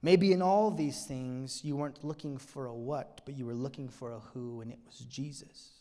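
Dramatic pastor in an echoing church. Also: male voice, mid-range voice, steady tone, moderate pace. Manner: dramatic, swings from hushed to soaring emphasis. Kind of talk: sermon. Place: church sanctuary.

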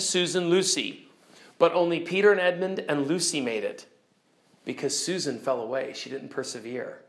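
Her class listens as a woman teacher animatedly recounts a story, her delivery moving from cheerful exclaims to hushed, dramatic lows.

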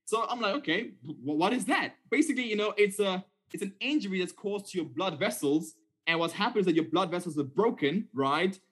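A man preaching a sermon in a conversational, animated storytelling way, often checking in with "okay?". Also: high voice, brisk, hardly any pauses, breathy edge.

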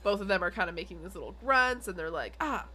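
A woman's voice: lowish voice, expressive, fast, bright, forceful tone. A young adult woman co-hosting a podcast, recapping an episode in casual chat with lots of fillers and giggles. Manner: rambling with many fillers and giggles. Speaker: podcast co-host.

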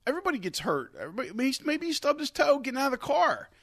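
A young man co-hosting a casual sports betting show, animated and swearing freely, his voice jumping high when he gets worked up. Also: very fast, dry recording, studio quality. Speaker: podcast co-host.

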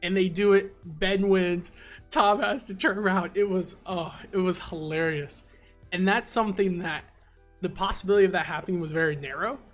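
A man's voice: high voice, normal speed, soft background music. A man in casual podcast chat, laughing often and retelling comedy scenes with acted quotes. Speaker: podcast co-host.

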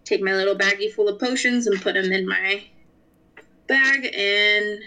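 A woman's voice: mid-range voice, pushed and bright, rough recording. A woman playing her character in a tabletop game, speaking politely and without hurry. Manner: polite, unhurried in-character talk. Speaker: player.

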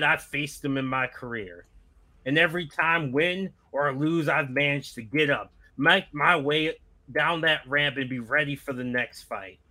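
A man doing an impression of a retiring veteran wrestler in a wheelchair, giving a gruff farewell speech. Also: on the high side, sharp tone. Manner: gruff speech-style delivery, compared to Shrek.

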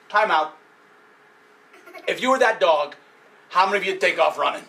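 High-voiced, animated male storyteller. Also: moderate pace, recorded from a distance. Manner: animated, playful, with sound effects and audience questions. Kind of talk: live storytelling for children.

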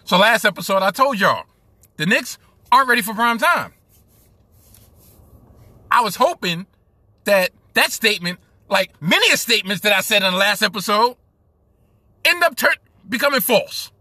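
Brooklyn podcast host, New York accent, profane sports rant, high husky voice, sharp edge. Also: male voice, expressive, normal speed, long pauses, dry recording. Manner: profane, heated ranting.

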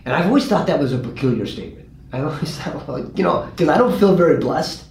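A man's voice: a little high, fast talker, vocal fry. Earnest man telling a story in a roomy space. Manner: earnest storyteller, animated when quoting. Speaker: pastor and grief guest. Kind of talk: conversational storytelling. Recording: roomy with faint ambient noise.

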